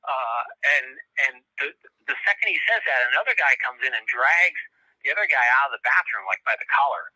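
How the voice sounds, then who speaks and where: Middle-aged guy telling a long story on an interview, super bright tense voice, lots of uh and restarts, dry sound. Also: mid-range voice, expressive, no room sound, rough recording. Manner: halting, full of fillers and restarts. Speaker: guest author and lecturer.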